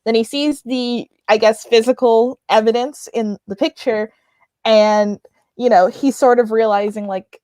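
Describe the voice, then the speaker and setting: Co-host, woman, higher voice, dry close sound, joking and offhand. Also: fairly even intonation, unhurried, a little mellow, no room sound. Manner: chatty, wry, drops into lower register. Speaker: book club co-host. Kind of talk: casual book discussion.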